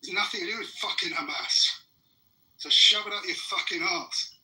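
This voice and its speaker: A man's voice: sits high, moderate pace, bright, forceful tone, rough recording. A man, ranting in fury and swearing hard during a heated live debate. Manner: furious, profane ranting. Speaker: debate participant.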